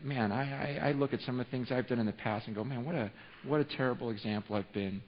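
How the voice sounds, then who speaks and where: A male pastor preaching a sermon in a church, telling a story with animated, rising excitement and frequent restarts. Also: medium pitch, fast talker, a little hiss or hum. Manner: repeats and restarts words often. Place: church sanctuary. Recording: muffled sound with long hall reverb.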